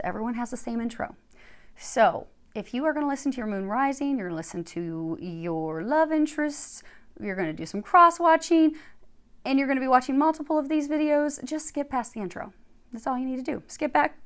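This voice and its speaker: A woman giving a chatty tarot reading, sounding congested from a cold and talking to viewers as she lays out cards. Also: high-pitched. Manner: chatty, reassuring, talks while laying out cards. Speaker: tarot card reader. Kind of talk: casual spoken tarot reading.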